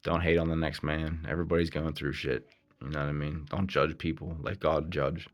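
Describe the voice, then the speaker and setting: A man's voice: rumbling low, flat delivery, brisk. A middle-aged man telling a rambling, earnest personal story in a casual vlog, full of restarts and asides.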